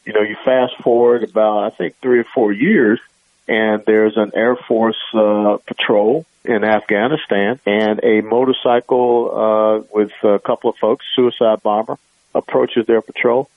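Male radio guest, low voice, phone-line sound, dry, emphatic and argumentative. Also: no room sound. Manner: emphatic, argumentative, filler-heavy. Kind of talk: radio talk show interview.

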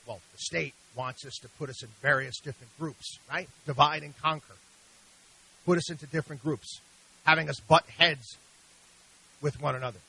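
A man's voice: fairly high pitch, pushed and bright, breathy edge, poor audio. A man hosting a radio show, delivering an emphatic, preachy monologue full of rhetorical questions.

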